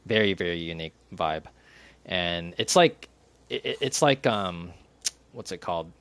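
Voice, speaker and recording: A man's voice: low-pitched, expressive, unhurried, a bit bright, no echo. A young man streaming a game and chatting casually, rambling with lots of fillers, restarts and giggles.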